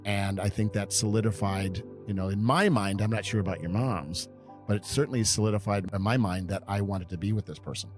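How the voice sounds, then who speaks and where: With a lowish voice and a little music playing faintly behind him, a Californian in his fifties guests on a podcast. He takes his time, drifting through rambling recollections of earlier days as the interview unfolds.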